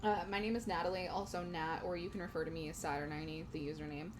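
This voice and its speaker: A woman's voice: lowish voice, fairly even intonation, fast, music in the background. Giggly young woman streamer. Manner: giggly, chatty, talks to chat. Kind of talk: casual gaming stream chat. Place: home room.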